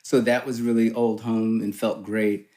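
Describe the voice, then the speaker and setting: A man chatting as a podcast guest, telling stories with lively pitch and acting out the voices he quotes. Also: moderate pace. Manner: animated storyteller, acts out quoted voices with jumps in pitch. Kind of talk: casual chat, storytelling.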